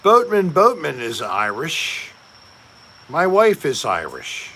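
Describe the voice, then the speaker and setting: Male host, gravelly, unhurried, jokey livestream chat, faint background hiss. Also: fairly high pitch, wildly swooping pitch, pushed and bright. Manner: slow, joking, reads chat aloud. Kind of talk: casual live-stream chat.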